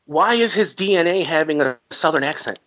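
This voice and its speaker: A man co-hosting a casual movie chat, animated and complaining, repeating himself for emphasis. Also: fairly high pitch, fairly quick, slight background noise. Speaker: podcast co-host. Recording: dull lo-fi recording.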